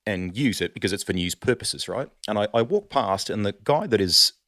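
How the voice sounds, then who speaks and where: A middle-aged Australian man telling animated stories in a casual podcast chat, calling the host "mate" a lot. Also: fairly low pitch, brisk, no room sound, studio quality. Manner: animated storyteller, says "mate" often. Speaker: sports broadcaster, guest.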